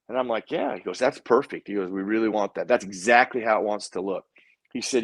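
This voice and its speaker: A man's voice: lowish voice, fairly quick, no echo. A man, a guest in a casual interview, telling a personal story and acting out what other people said. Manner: animated storyteller who acts out other people's lines.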